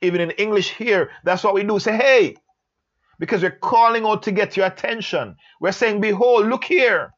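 Man, higher voice, earnest Bible teacher, slow and emphatic, slightly dull lo-fi sound. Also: fairly bright tone. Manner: slow, emphatic, repeats phrases for stress. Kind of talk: Bible letter study lesson.

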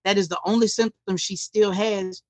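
A man's voice: high voice, steady tone, moderate pace, dry recording. A man co-hosting a podcast, chatting casually and joking, rambling with fillers. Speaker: podcast co-host. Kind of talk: casual chat. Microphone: podcast mic.

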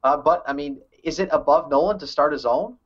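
A man's voice: fairly high pitch, fairly quick, lo-fi sound. A man co-hosting a casual movie podcast, thinking aloud with hesitant restarts. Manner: thoughtful, hesitant, many restarts. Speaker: podcast co-host. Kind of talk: casual movie news chat.

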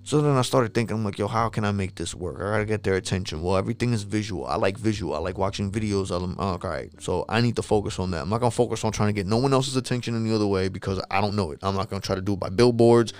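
A man's voice: fairly low pitch, rapid-fire, few pauses, a little mellow, clean tone. A man, talking casually and rambling, swearing a lot and losing his train of thought. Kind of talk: casual monologue.

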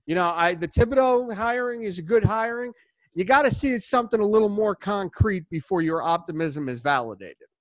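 A man hosting a sports podcast, chatting casually in an animated, rambling way full of restarts. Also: sits high, fairly quick, no echo. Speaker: podcast host.

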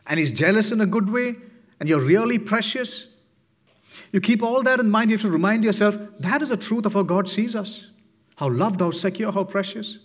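A pastor preaching a sermon with earnest, pleading rhetorical questions, dropping low and soft whenever he quotes God. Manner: drops low and soft when quoting God.

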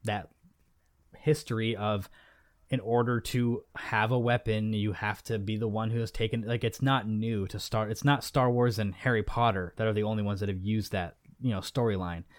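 A man's voice: on the low side, steady tone, normal speed, no echo, studio quality. A man co-hosting a podcast in casual chat, rambling with many restarts and fillers. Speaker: podcast co-host.

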